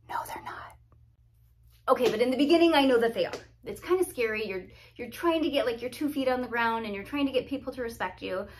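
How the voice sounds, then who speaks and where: Chatty woman giving lash business advice. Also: on the high side. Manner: chatty, lively, acts out scenarios. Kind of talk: casual advice video.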